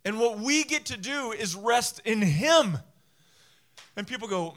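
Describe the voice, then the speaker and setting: A man with a high, bright voice preaches a sermon to his congregation. He is emphatic, doubles up his words and slips into little acted voices for the people he quotes. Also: expressive, a little slow. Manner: emphatic, repeats phrases, acts out quoted voices. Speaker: pastor.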